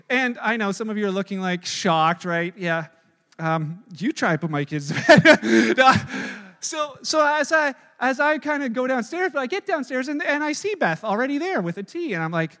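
A man in his thirties preaching a sermon, telling a story in a conversational, animated way with fillers and restarts. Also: very high voice, moderate pace. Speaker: pastor. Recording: long reverb of a large hall.

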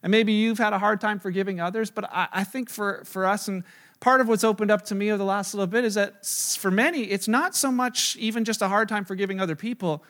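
A middle-aged man preaches in a fairly high voice. He tells a self-deprecating story and acts out each side of the dialogue. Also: steady tone, quick pace, a bit bright. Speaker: pastor. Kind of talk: sermon storytelling.

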